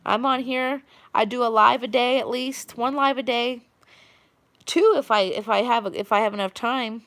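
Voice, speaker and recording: A woman's voice: a little high, steady tone, normal speed, a bit bright, dry recording. A woman with a Long Island New York accent hosting a casual live stream, rambling and chatty as she greets viewers by name.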